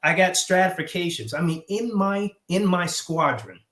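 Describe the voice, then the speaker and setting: A man with a Southern American accent, a guest chatting about his years in command, talking haltingly with many fillers and restarts. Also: high voice, expressive, fairly bright tone. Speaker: guest, former squadron commander. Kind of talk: casual interview chat. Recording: roomy echo.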